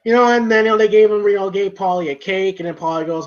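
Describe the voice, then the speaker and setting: A man with a notably high voice gives a loose, casual movie recap, leaning on "you know" and "like" as he goes. The audio is dull and lo-fi, like a cheap home setup. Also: fast talker. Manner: rambling, full of "you know" and "like" fillers. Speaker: movie reviewer.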